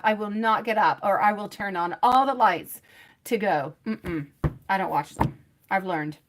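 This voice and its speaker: A woman with a slightly bright voice on the high side reads tarot live for her viewers. She is rambling and chatty, laughs often, and calls people pet names like sweetie and my love.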